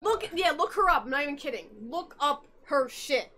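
A woman's voice: high voice, lively intonation, moderate pace, pushed and bright. A tipsy woman hosting a podcast, rambling through a game's story in casual chat, giggling and swearing as she goes. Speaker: podcast host.

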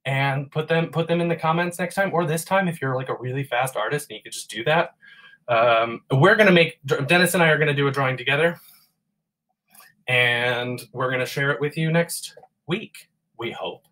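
A man's voice: mid-range voice, moderate pace, bright, forceful tone. A man co-hosting an arts therapy livestream, chatting in a goofy, rambling, self-mocking way between improvised songs. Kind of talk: playful casual livestream chat with improvised songs.

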